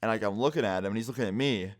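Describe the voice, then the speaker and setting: A man's voice: on the low side, rapid-fire. A young man telling a scary story in a casual vlog, swearing constantly and saying "like" all the time. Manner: casual, heavy swearing, lots of "like". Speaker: vlogger.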